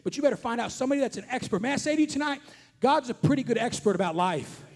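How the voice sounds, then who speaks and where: High-voiced man preaching a sermon. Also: lively intonation, very fast. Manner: earnest, repetitive, rising to shouts on key points. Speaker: traveling preacher. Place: conference hall before an audience.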